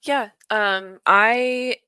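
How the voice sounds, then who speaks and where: A woman's voice: a little high, fairly even intonation, drawn-out words, pushed and bright, clean tone, no room sound. A woman co-hosting a casual drinking chat, chatty and teasing in a matter-of-fact way.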